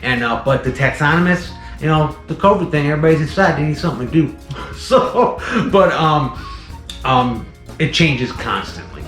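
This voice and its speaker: A man's voice: fairly high pitch, lively intonation, moderate pace, a bit bright, echoey room, soft background music. A man, rambling casually as he hosts a tour of his venomous snakes. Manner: chatty, rambling, frequent "um" and "let me tell you". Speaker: venomous snake keeper and channel host. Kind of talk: casual animal-room tour with commentary. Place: indoor snake room.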